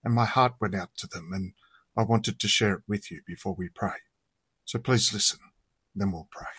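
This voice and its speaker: Husky-voiced male preacher. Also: lowish voice, moderate pace, a bit bright, no room sound, clean studio sound. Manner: conversational, hesitant with fillers. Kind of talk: sermon and prayer.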